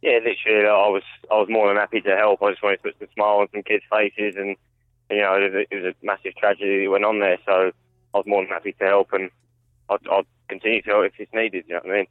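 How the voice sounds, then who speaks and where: A man with a London accent, a professional boxer speaking on a phone call, laid-back and modest and quick to laugh. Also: lowish voice, flat delivery, dry recording. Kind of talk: interview over the phone. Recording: tinny phone line.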